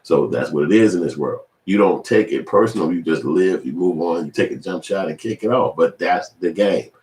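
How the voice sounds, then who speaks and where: A man in his forties giving casual, profane commentary, animated and switching into high mimicking voices. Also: moderate pace, reverberant. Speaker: video commentator.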